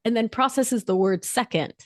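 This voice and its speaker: A woman speaking as a podcast guest in an animated, emphatic way, using casual slang. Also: on the high side, moderate pace, no room sound, studio quality. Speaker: guest, nurse practitioner and author. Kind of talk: podcast interview talk.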